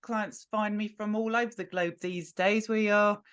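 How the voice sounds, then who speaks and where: A woman's voice: medium pitch, fairly even intonation, moderate pace, smooth. A British woman from near London, a medium guest on a video call, chatting and telling stories, with frequent laughter. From England. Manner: warm storyteller, laughs often. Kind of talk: casual interview chat.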